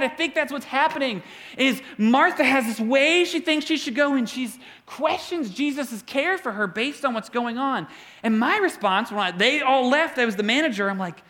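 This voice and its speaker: A man in his thirties delivering a sermon, telling stories with humor and lively delivery. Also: very high-pitched, brisk. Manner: animated storytelling with humor. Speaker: preacher.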